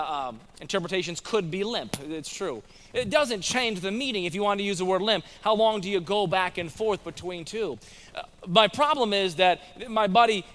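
An American man preaching a conversational sermon as pastor, acting out quotes with lively voices. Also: high voice, long reverb tail. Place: church sanctuary.

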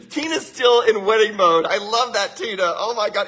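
A man hosting a motivational livestream, energetic and laughing often as he greets viewers by name. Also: high voice, normal speed, vocal fry, hardly any pauses, slightly rough. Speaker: winery livestream host. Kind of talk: upbeat motivational livestream talk.

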